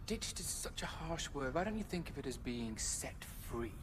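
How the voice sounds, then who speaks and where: A man's voice: medium pitch, expressive, normal speed, background noise, natural voice. An actor playing a scheming male priest in a comedy film, evasive and coaxing as he talks. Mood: smooth.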